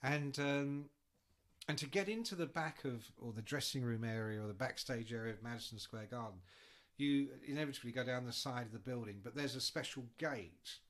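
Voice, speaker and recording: A man tells rambling tour anecdotes in a casual podcast chat, swearing freely as he goes. His voice has a bright, forward edge. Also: mid-range voice, a little fast. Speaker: guest.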